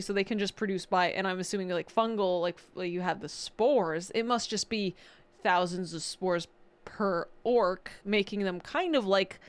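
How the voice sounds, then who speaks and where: A woman streaming a live reaction, animated and exclaiming, talking to her chat. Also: medium pitch. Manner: animated, exclaims and laughs, talks to chat as "guys". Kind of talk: excited live reaction commentary.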